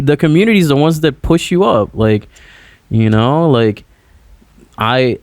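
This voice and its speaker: A man's voice: lowish voice, a little mellow, no room sound. A man, a musician guest, chatting casually on a podcast over a remote call, rambling and filling his talk with "like" and "you know".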